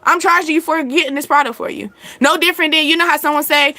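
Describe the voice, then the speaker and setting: Woman host, bright higher voice, dry close sound, chatty and blunt, laughs a lot. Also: fairly even intonation, fast talker, dry recording. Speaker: channel host. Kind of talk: casual advice talk to viewers.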